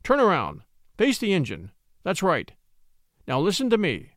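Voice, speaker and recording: A man's voice: high-pitched, wildly swooping pitch, normal speed, a bit bright, dry recording, clean studio sound, full character voice. Man doing a cool, cunning young attorney. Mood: stern. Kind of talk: audiobook character voice.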